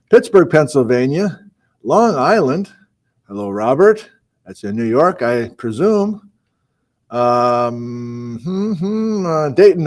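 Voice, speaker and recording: A man hosting a live-streamed program, chatting casually, greeting viewers and reading out their hometowns, with frequent fillers and asides. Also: mid-range voice. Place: small indoor room on a college campus.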